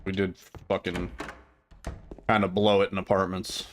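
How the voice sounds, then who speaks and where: A man's voice: low-pitched, flat delivery, normal speed, slight background noise. A man casually chatting and laughing as he streams a game, with goofy asides to his chat. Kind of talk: casual gameplay commentary.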